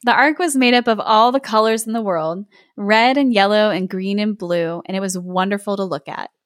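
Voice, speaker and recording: A woman's voice: mid-range voice, moderate pace, no echo, studio quality. A woman reading a fairy tale aloud. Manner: gentle, relaxed, laughs easily. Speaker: podcast host, storyteller.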